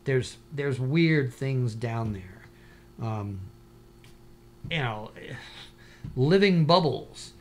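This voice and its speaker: A man talking as an interview guest, a diver telling stories in an animated, rambling way with lots of "you know". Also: medium pitch, extremely slow, pauses often. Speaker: guest, scuba diver and paranormal investigator. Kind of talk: casual interview chat.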